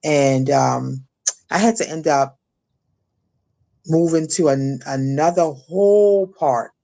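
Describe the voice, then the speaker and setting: Halting middle-aged woman recounting trauma. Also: low voice, gravelly, dark tone. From Maryland, USA. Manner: halting, many restarts and fillers. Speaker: guest. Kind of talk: emotional personal testimony.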